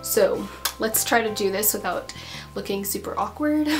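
A woman's voice: mid-range voice, unhurried, faint music behind. A young woman vlogger talking casually through a tutorial at home, full of "um" and "like" fillers. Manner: chatty, many fillers like um and like.

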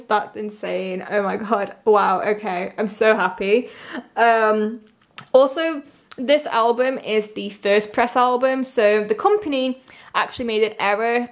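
A young woman chatting casually as she unboxes an album, gushing and full of "like" fillers, squealing when she gets a lucky pull. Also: fairly high pitch.

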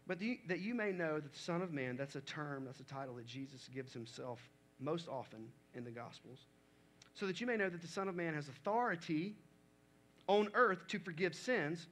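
A man's voice: high-pitched, a bit bright. A male pastor preaching a sermon in a conversational way, reading scripture aloud and talking it through.

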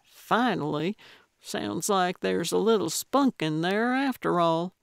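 A woman narrator voicing a blunt, coaxing elderly woman amateur detective in an audiobook, speaking louder and more briskly than her narration. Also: lowish voice, lively intonation, gravelly, dry recording, clean studio sound, exaggerated voice.

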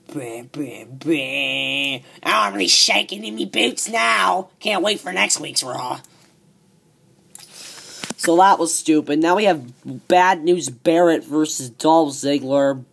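A man ranting profanely as a wrestling show reviewer, excitable and repeating himself. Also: fairly high pitch, creaky. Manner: excitable, swearing, repeats words. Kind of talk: profane rant.

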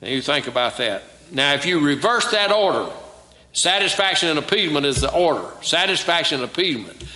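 A man's voice: a little high, big pitch swings, a little fast, pushed and bright. A man preaching a sermon as pastor, drawing answers from the congregation with questions. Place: church sanctuary. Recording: echoey church sanctuary.

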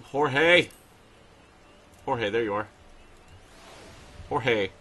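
Male host, excitable gameplay commentary, husky, forceful delivery, casual swearing. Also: mid-range voice, extremely slow.

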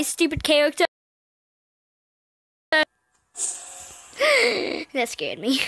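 A woman's voice: high voice, big pitch swings, slow pace, long pauses, fairly bright tone, dry recording. A woman YouTuber giving chatty, scattered, self-mocking commentary while playing a mobile game.

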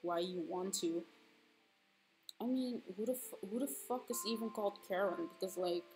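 A woman's voice: mid-range voice, normal speed, a little mellow, soft background music, low-quality recording. A woman in her twenties chatting casually while drawing on stream, swearing freely and breaking into squealing laughs when flustered. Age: 20s. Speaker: streaming artist.

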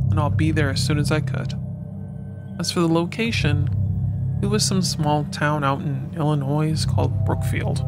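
A man narrating a scripted horror story in a measured, deliberate way. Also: a little high. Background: loud music.

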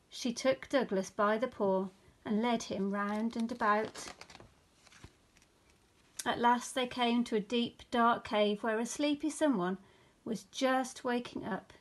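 Woman teacher, gentle storybook reader, expressive, slightly higher voice. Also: slow. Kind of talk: reading a bedtime picture book aloud.

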